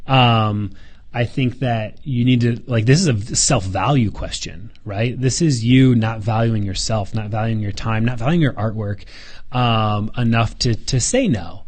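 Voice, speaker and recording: A man's voice: fairly low pitch, measured pace. A man hosting a live Q&A and answering viewer questions in a casual, earnest way. He gets fired up, stumbles over repeated words and drops casual swearing and slang.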